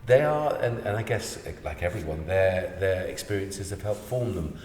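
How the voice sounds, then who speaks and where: A man's voice: low-pitched, animated, moderate pace, a little mellow. A man hosting a podcast, talking in a rambling, enthusiastic way with plenty of restarts. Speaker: podcast host. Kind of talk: casual chat. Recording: echoey room with faint noise.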